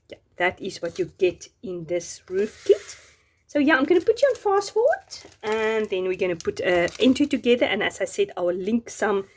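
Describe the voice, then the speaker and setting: A woman's voice: mid-range voice, warm tone. A woman casually showing and using Bible journaling craft supplies, gushing over each item. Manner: gushing, admiring every item.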